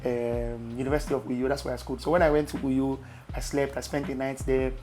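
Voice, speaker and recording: A young Nigerian man with a Nigerian accent, casually telling travel stories to camera with loud exclamations. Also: mid-range voice, little pitch movement, fast talker, faint music behind. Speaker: vlogger.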